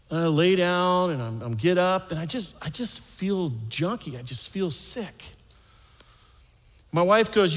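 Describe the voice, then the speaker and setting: A man's voice: a little high, moderate pace, a bit bright, big-room sound. A middle-aged American man telling a stand-up story. He rambles, mocks himself, repeats his phrases and acts out the sounds. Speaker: stand-up comedian.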